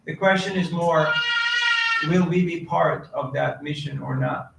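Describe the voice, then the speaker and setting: A man's voice: fairly high pitch, unhurried, gravelly. A man giving a devotional lecture who quotes Sanskrit verses and keeps putting questions to his audience. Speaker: preacher. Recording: echoey hall, distant mic, faint noise.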